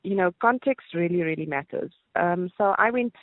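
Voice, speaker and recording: A woman's voice: lowish voice, normal speed, dry recording. Chatty South African woman on the phone. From Johannesburg, South Africa. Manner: chatty, animated storytelling. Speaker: caller. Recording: tinny phone line.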